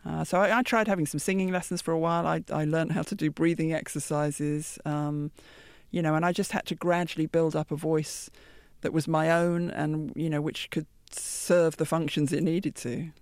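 A British woman in her fifties, a singer answering interview questions in a deep, thoughtful, soft-spoken way. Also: steady tone, normal speed, dry recording, clean studio sound. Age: 50s. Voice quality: deep, gravelly. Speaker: guest singer.

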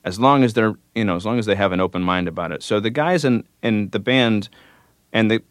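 A man's voice: lowish voice, dry recording, clean studio sound. A man, a musician guest on a radio interview, answering thoughtfully and without hurry, with many fillers. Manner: thoughtful, unhurried, with frequent fillers.

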